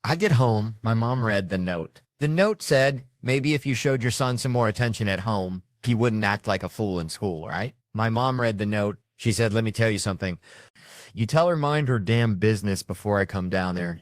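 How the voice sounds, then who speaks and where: A stand-up comedian with a fairly low voice tells stories at a quick clip, with no echo. He's brash and profane, slipping into other people's voices to act out his stories.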